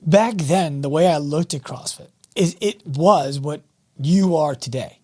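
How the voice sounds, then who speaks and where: In an unhurried, slightly high and somewhat mellow voice, a podcast host who is also a fitness coach chats casually with a guest on his fitness show. His questions tend to be long and winding.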